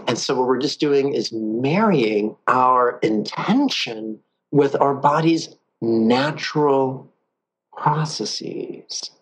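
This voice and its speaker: A man teaching a guided meditation lesson, calm and playful, with drawn-out pauses. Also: medium pitch, slightly rough, rough recording.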